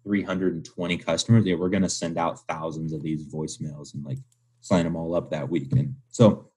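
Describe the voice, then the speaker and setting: A man's voice: low-pitched, steady tone, moderate pace, mellow, slightly rough. A man in his twenties, a guest on an interview podcast, talking loosely and casually with lots of filler words and little acted-out phone calls. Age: 20s. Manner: loose and chatty, heavy use of "like", acts out phone calls.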